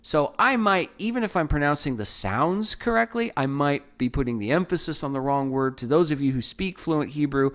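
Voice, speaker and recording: A man's voice: fairly high pitch, animated, moderate pace, few pauses, fairly bright tone. A man hosting a podcast Bible study, explaining verses in a thoughtful, teaching manner with frequent restarts. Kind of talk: casual Bible study talk.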